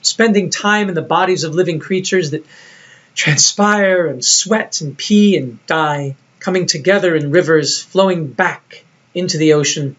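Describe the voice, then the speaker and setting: A man's voice: a little high, measured pace, a bit bright. A man narrating a recorded lecture in a reflective, storytelling way, on a dull lo-fi recording. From United States.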